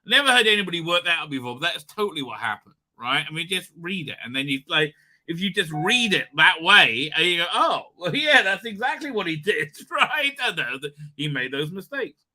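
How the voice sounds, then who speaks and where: A man's voice: a little high, very animated, a little fast, pushed and bright. A man hosting a live online show, chatting casually and rambling with many fillers, restarts and laughs. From Israel. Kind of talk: casual live-stream chat.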